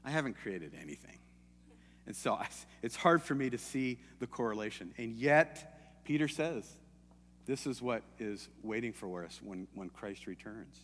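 A man's voice: medium pitch, animated, moderate pace, long reverb tail, slight background noise. A man preaching a sermon in an earnest, hesitant way, often restarting his sentences.

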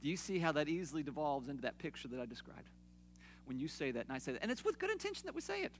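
Man, pastor preaching, high voice, long hall reverb, conversational with loud emphatic bursts and quiet drops. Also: very animated, racing, a little hiss or hum. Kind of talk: sermon.

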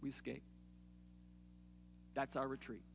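A man preaching a sermon in a conversational way, swinging from loud emphatic peaks to soft low asides, in a church. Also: little pitch movement, measured pace, vocal fry, slight background noise. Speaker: pastor. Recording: long hall reverb.

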